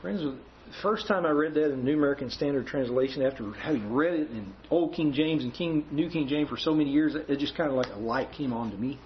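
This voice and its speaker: A man's voice: on the high side, a little fast, slight background noise. A man preaching a sermon to his congregation, telling a story with acted dialogue. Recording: muffled lo-fi recording with faint room ambience.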